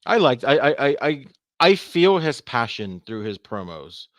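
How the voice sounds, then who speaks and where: A man's voice: mid-range voice, a little slow, no room sound. Chatty man with a dry, close sound. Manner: animated, rambling, stammering. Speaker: podcast co-host. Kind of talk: casual podcast chat.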